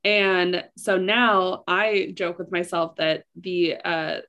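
A woman's voice: lowish voice, steady tone, takes it slowly, sharp tone, highs cut off. A woman in casual conversation, speaking candidly with lots of "like" fillers. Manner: candid, filler-heavy, chatty. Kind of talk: casual chat.

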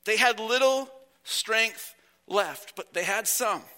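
A man preaching a sermon with earnest, emphatic delivery and slow drawn-out phrases, his voice a little whiny from being sick. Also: sits high, bright, forceful tone.

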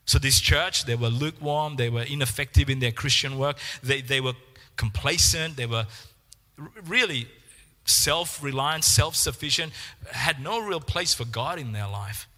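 Guy preaching a sermon, really bright sharp voice, big echoey hall, acts out quotes. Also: mid-range voice, moderate pace. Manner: animated, repeats words, acts out quoted voices.

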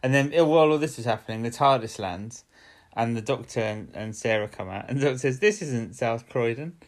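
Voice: medium pitch, fast. A podcast co-host chatting casually while recapping an episode, rambling and correcting himself, laughing often and coughing now and then.

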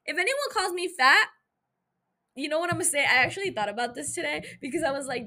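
Bright, chatty young woman podcaster. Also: sits high, expressive, quick pace. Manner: chatty, profane, jokey, self-interrupting. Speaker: podcast host. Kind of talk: casual episode recap chat. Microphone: podcast mic.

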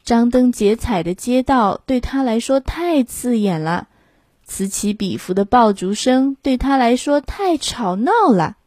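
Slow, clear storybook reader woman. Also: on the high side, animated, darkish tone, no room sound, studio quality. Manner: slow, clear read-aloud. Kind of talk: bilingual picture-book read-aloud.

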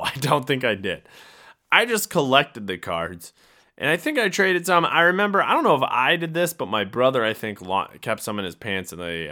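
A young man talks through a casual solo podcast, wandering off track and chuckling at himself. His voice sits low, yet it swings widely in pitch and has a bright edge. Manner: rambling, self-interrupting, laughs at himself. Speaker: podcast host.

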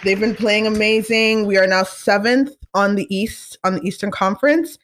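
A woman hosting a casual talk show, chatting in an animated, opinionated way with many fillers and asides. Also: mid-range voice, moderate pace, a little hiss or hum. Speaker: podcast host. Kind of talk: casual chat.

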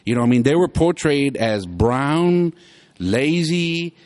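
Animated man hosting a show. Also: a little high, slow. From South Texas. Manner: animated, rambling, laughs often. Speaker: podcast host. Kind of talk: casual chat.

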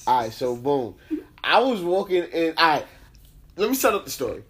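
A man's voice: a little high, sing-song, normal speed, fairly bright tone, a little hiss or hum. A young man in casual chat with friends, telling a story with heavy slang and swearing, acting out the people in it.

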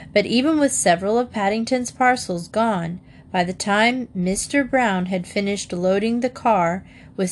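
A woman narrating a children's storybook in a steady, measured reading voice. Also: mid-range voice, a little hiss or hum. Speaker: audiobook narrator.

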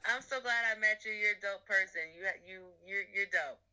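A woman's voice: medium pitch, fairly quick, bright, forceful tone, clear, resonant tone, low-quality recording. An American woman in a casual chat who talks bluntly and uses plenty of slang. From United States.

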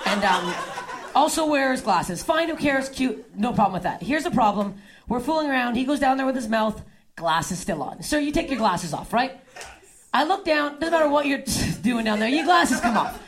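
A woman's voice: high-pitched, big pitch swings. Brash young woman doing stand-up. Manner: brash, crude storytelling with quick asides to the audience. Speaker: stand-up comedian. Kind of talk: stand-up comedy set. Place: comedy club stage before a laughing crowd. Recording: live club with audience laughter.

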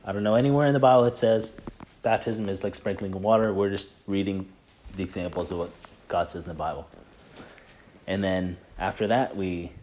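A man with a fairly low voice gives a relaxed, earnest talk about faith. He rambles as he shares a testimony, leaning on filler "like"s and restarting his sentences, in the easy tone of a group leader chatting with friends. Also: normal speed, slight background noise. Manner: earnest and conversational. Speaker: Christian team leader sharing a testimony.

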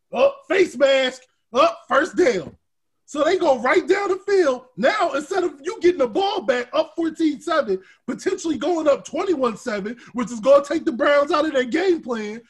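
A male podcast host in heated sports talk, animated, swinging from shouted rants to low grumbles, with a husky voice.

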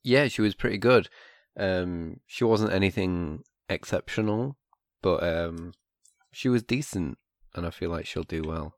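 A man's voice: deep voice, measured pace, no echo. A podcast co-host man who is ill, giving brief dry replies in casual chat.

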